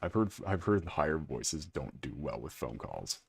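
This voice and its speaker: A man with an extremely deep, gravelly voice, chatting casually with his live-stream chat while playing a game and teasing viewers. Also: big pitch swings, normal speed, no echo. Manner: chatty, teasing, reads and answers chat aloud.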